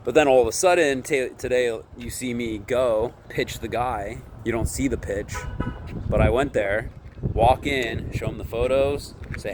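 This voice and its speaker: A man's voice: mid-range voice, steady tone, normal speed, noisy background. A man chatting casually to camera about his vending business, rambling and ending nearly every sentence with "right?". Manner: acts out quoted dialogue in his retelling. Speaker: candy vending business vlogger. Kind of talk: casual vlog talk to camera.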